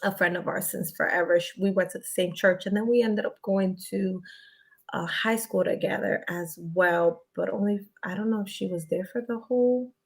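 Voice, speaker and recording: A young woman talking casually on a live video stream. She reads viewer comments aloud and greets people in a chatty, friendly way. Her voice sits at an ordinary middle pitch for a woman. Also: normal speed, gravelly, husky. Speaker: YouTuber answering viewer questions.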